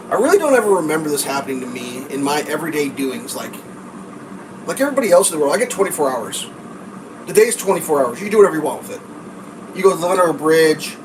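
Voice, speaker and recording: Exasperated streamer ranting with lively pitch. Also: recorded from a distance. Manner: profane, exasperated, sarcastic ranting. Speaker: live streamer. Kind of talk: casual live-stream rant. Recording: clear background noise.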